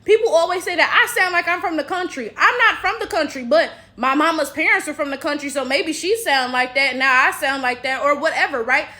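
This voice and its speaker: A woman's voice: high voice, a little fast, hardly any pauses, bright, forceful tone. An American woman giving a blunt, profane commentary rant to her viewers, full of rhetorical asides. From United States. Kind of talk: casual commentary vlog.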